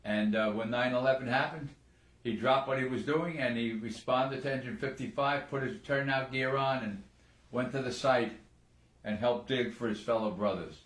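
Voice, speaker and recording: A man's voice: mid-range voice, moderate pace, fairly bright tone. Older man, earnest, in an echoey room. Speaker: retired firefighter, co-host. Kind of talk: casual live-stream chat.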